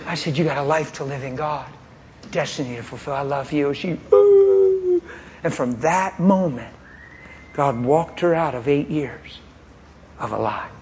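A man with a fairly high voice preaches his testimony in a pointed, no-nonsense way, telling his story with animation and laughing often. There is slight background noise.

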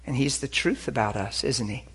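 A man preaching a sermon, animated and full of stories, moving between loud exclamations and quiet, hushed asides. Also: medium pitch, moderate pace, husky.

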